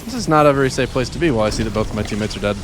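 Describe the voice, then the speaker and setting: Talking rapid-fire in a medium-pitched, lively voice, a gaming streamer rambles self-deprecatingly about words he says strangely while chatting with viewers mid-game. The background is noisy.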